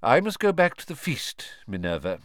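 A man voicing a calm, wise old male headmaster. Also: medium pitch, moderate pace, no room sound, pitched above the performer's own voice. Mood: light, genial.

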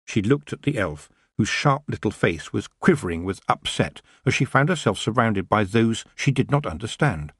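A man narrating a fantasy audiobook in a lively storytelling manner. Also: on the low side, normal speed, hardly any pauses, husky, no room sound, studio quality. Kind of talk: scripted narration.

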